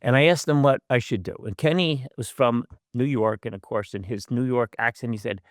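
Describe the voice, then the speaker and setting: A man's voice: medium pitch, fairly quick, no room sound, studio quality. An older man and professor giving a conversational lecture over a video call, with wry asides and frequent fillers. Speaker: guest speaker, professor.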